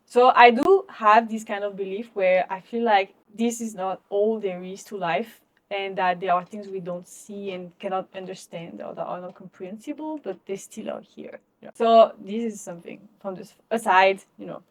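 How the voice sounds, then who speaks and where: A young woman co-hosting a podcast, talking in a relaxed, reflective way with many "you know"s and "like"s. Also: medium pitch, normal speed. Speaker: podcast co-host. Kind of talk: casual conversation.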